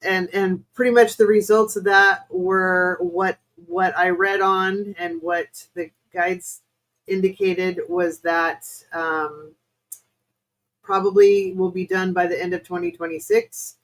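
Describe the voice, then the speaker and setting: An American woman with a lowish voice hosts a live stream as a spiritual reader, speaking slowly over poor audio. She rambles and hesitates through viewers' questions with many fillers, chatting with them in an apologetic way.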